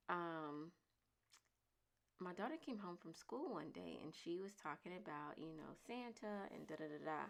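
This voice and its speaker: Chatty, emphatic woman vlogger with a lowish voice. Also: gravelly. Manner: chatty and emphatic, repeats points forcefully. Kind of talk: casual chat to camera.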